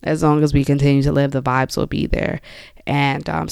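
A woman's voice: deep voice, fairly even intonation, a little fast, gravelly, darkish tone, no room sound. Young woman hosting a self-help podcast, coaching you casual style, lots of "you know", dry room. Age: young adult. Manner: conversational, coaching the listener directly with frequent "you know". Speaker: podcast host. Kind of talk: motivational self-help talk.

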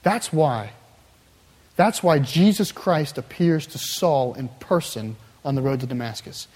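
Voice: medium pitch, expressive, a little slow, a little mellow. Emphatic preacher, mid-range voice, builds with repetition; big reverberant hall. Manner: emphatic, builds with repeated phrases. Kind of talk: sermon.

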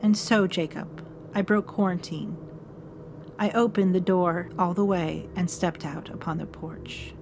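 A woman reads a dark first-person story aloud, her voice sitting low and steady. The delivery is measured and solemn, close and intimate like a letter. A faint hiss sits under the recording. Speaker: narrator.

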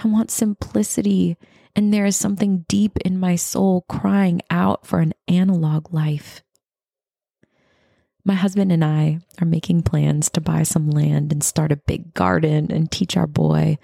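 A woman in her thirties, a podcast host reading her own reflective writing in an earnest, intimate way, slipping into breathy whispers. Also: fairly low pitch, little pitch movement, unhurried, no room sound, clean studio sound. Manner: soft, earnest, intimate address to listeners, drifting into breathy whispers.

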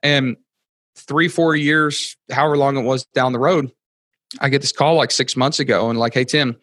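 An excitable man in his thirties chatting on a podcast, rambling from one story to the next. His voice sits in the middle of the range. The sound is dry and close, with no room echo. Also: medium pitch, normal speed. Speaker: podcast guest. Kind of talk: casual storytelling chat.

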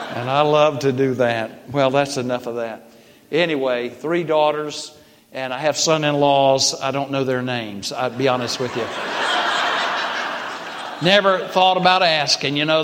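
Older Southern preacher in echoey hall. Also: male voice, a little high, a bit bright, slight background noise. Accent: Southern American. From Southern United States. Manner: folksy, joking, builds to emphatic bursts. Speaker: visiting Baptist preacher. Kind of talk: sermon with humorous asides.

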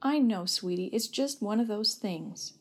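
A woman's voice: medium pitch, lively intonation, a little slow, darkish tone. A woman reading a matter-of-fact mother. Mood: calm.

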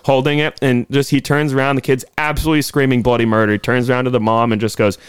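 A man's voice: medium pitch, level tone, fast talker, smooth, dry recording, clean studio sound. A man co-hosting a podcast, telling stories in casual chat, laughing often and swearing freely. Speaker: podcast co-host.

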